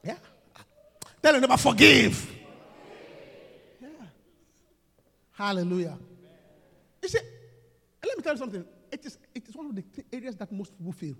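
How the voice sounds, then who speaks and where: A man preaching a sermon, calling out questions to the congregation and swinging from soft talk to shouting. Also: high-pitched, big pitch swings, fairly quick, long pauses, husky. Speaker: pastor. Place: church hall. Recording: reverberant church hall.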